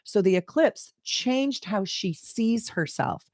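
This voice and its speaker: A middle-aged woman, an astrologer, telling a personal story in an animated, emotional way, laughing and exclaiming. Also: medium pitch, slow, no room sound, clean studio sound. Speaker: astrologer and channel host. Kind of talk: casual personal storytelling to camera.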